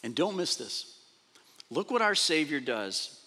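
A man pastor preaching a sermon, animated, repeating phrases and acting out quoted speech. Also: fairly high pitch, unhurried. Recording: long reverb of a large hall.

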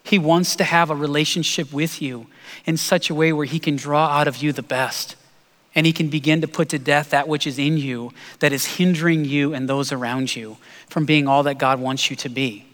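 A man preaching a sermon as pastor, telling a story earnestly and slowing down for emphasis. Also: a little high, fairly even intonation, a bit bright. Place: church sanctuary. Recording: long hall reverb.

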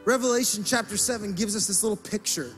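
A male pastor preaching a sermon, passionate and emphatic, rising to loud peaks. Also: high voice, quick pace, faint music behind.

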